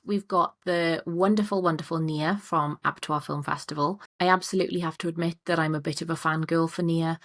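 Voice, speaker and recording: A woman's voice: sits low, gravelly. A woman hosting a podcast in casual interview chat, enthusiastic and sweary, just getting over a cold. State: recovering from a cold. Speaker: podcast host.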